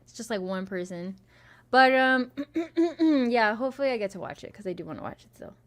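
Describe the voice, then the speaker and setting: A woman's voice: fairly high pitch, very animated, moderate pace. A young adult woman co-hosting a podcast, telling a story with lots of swearing and acted-out quotes in casual chat. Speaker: podcast co-host.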